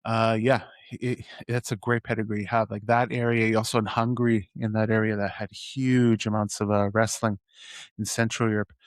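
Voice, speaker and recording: A podcast host from Edmonton, Canada, this man runs a casual interview, rambling enthusiastically with many restarts. His lowish voice is delivered flatly at a moderate pace, in studio quality with no echo.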